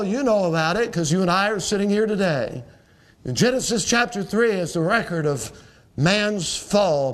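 Man, pastor, sermon, high voice, scripture reading, emphatic rising delivery. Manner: preaching with scripture quotes, rising emphatic peaks.

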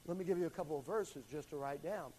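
High-voiced man teaching a Bible class. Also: fast, mellow, a little hiss or hum, low-quality recording. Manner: calls on students, repeats and stresses key words. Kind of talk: classroom Bible lesson with questions.

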